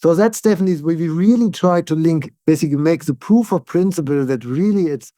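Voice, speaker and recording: A neuroscientist guest speaking as an English speaker, explaining ideas in calm conversation and often checking in with "yeah?". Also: male voice, a little high, no room sound, studio quality. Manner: tag "yeah?" questions, frequent restarts, calm and deliberate.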